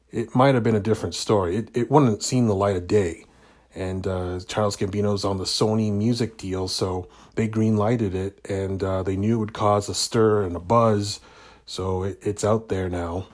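A man's voice: on the low side, a little mellow. A man hosting his own podcast show, talking casually and rambling with lots of fillers and restarts. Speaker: podcast host. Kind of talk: casual solo chat.

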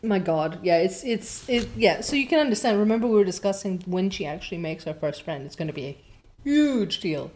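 A woman's voice: medium pitch, expressive, fairly quick, a little mellow. A woman host who reads a novel aloud and chats about it in a casual, rambling way. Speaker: reader and podcast host.

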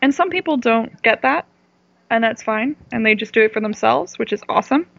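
A woman guest on a podcast, chatting candidly and telling stories, sometimes pausing to search for words. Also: on the high side, gravelly, a bit bright. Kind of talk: casual interview chat. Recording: dull dry podcast audio.

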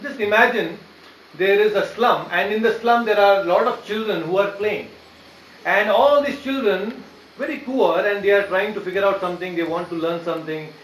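A man's voice: sits high, moderate pace, a bit bright, slight background noise. A man giving a devotional lecture, explaining patiently and often checking in with his listeners. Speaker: preacher. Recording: echoey room with faint ambience.

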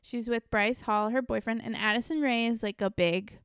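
A woman's voice: on the high side, steady tone, normal speed, fairly bright tone, smooth, no room sound, studio quality. A young woman chatting casually as a podcast co-host, telling stories with lots of "like" and "um". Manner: chatty storytelling with many likes and ums. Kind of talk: casual chat.

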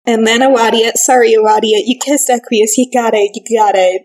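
A woman's voice: on the high side, fairly even intonation, a little fast, a little mellow, low-quality recording. A woman co-hosting a casual podcast, chatting and bantering playfully with frequent laughs. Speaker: podcast co-host.

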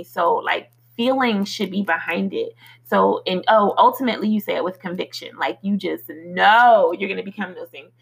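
A woman hosts a motivational podcast in a heavily gravelly, husky voice. She delivers affirmations with slow, earnest weight, then drifts into loose, conversational talk peppered with fillers. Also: medium pitch, a bit bright, low-quality recording. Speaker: podcast host.

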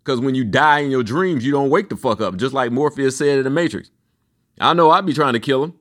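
A man in his fifties delivering a loose, profane, rambling solo rant, his pitch swinging up and down as he goes. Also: a little fast, a bit bright. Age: 50s. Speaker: vlogger.

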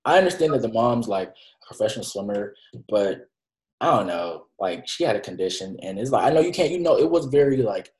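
A man's voice: fairly low pitch, animated, a little fast, a little mellow. A man casually reviewing anime with a co-host, using slang and acting out his own reactions. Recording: echoey room.

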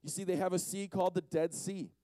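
A man's voice: sits high, fairly even intonation, fairly quick, dark tone, no room sound. A man giving a casual, joking sermon to a young audience as a conference speaker, teasing the crowd as he goes. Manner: playful, teases the audience.

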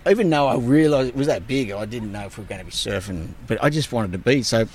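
A man, a guest telling surf stories in casual, animated talk full of swearing. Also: medium pitch, fast, hardly any pauses, slight background noise. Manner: animated, swears a lot, relives moments with voices. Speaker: guest surfer. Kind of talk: casual storytelling.

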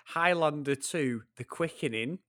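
A man's voice: a little high, takes it slowly, a bit bright, dry recording, clean studio sound. A man co-hosting a casual movie podcast, joking and swearing with a laugh. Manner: jokey, swearing, laughs often. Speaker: podcast co-host. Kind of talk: casual chat.

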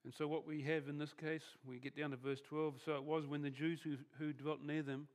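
This pastor's voice is a little high with flat delivery, and he preaches fairly quickly. His sermon is conversational, with frequent restarted phrases and thoughts that trail off softly.

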